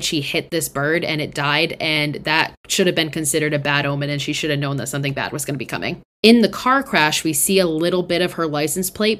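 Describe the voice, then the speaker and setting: Low-voiced woman recapping a film, chatty and profane. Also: fairly bright tone. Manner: chatty, swears often, fillers like "like". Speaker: podcast host.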